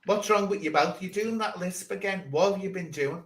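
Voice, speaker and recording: A man's voice: high voice, brisk, rough recording. A man hosting a casual livestream chat, teasing and sarcastic with his guests. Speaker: livestream host.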